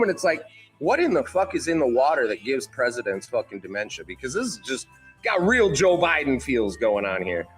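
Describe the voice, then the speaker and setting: A man's voice: mid-range voice, a bit bright. A man on a live-streamed panel. He gives a profane political rant and mocks world leaders in put-on quoted voices. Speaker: panel host.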